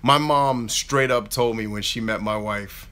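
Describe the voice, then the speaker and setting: Bright-voiced chatty man hosting a live Q&A. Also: on the low side, unhurried. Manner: animated, chatty, reads out viewer questions. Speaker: YouTube host answering live chat. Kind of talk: casual live Q&A chat.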